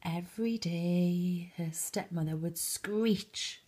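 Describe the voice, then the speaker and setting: Lady reading a bedtime story, really slow, soft, breathy, slips into whispers. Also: lowish voice.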